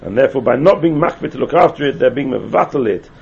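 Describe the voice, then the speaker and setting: Man, Talmud teacher, sing-song chanting, repeats questions, lively swinging pitch, dull lo-fi recording. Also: fast, vocal fry, husky. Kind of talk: Talmud class. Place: classroom with students.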